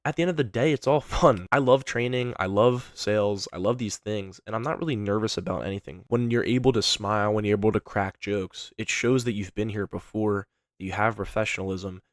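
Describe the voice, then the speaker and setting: Low-voiced, energetic male sales coach. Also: no room sound, studio quality. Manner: energetic, conversational, tags points with "right?".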